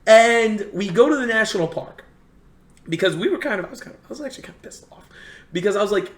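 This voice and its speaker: A young man in casual chat, telling a long story in an animated way and acting out what others said. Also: high voice. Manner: animated, fast storyteller who acts out quotes. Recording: roomy echo.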